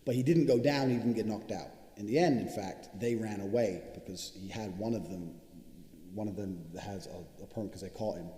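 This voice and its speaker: A man's voice: fairly low pitch, normal speed, dark tone. A man delivering a boastful, profane monologue straight to viewers, in a casual self-promoting style. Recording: roomy with long reverb.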